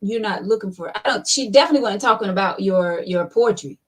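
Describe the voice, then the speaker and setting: A woman's voice: medium pitch, fast, poor audio. A woman co-hosting a casual chat show, teasing and playful. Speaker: podcast co-host.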